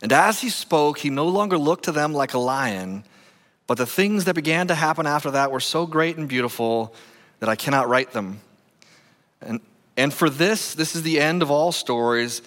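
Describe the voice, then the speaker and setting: A man pastor preaching a lively, conversational sermon full of restarts and asides. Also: a little high, moderate pace. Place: church sanctuary. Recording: long hall reverb.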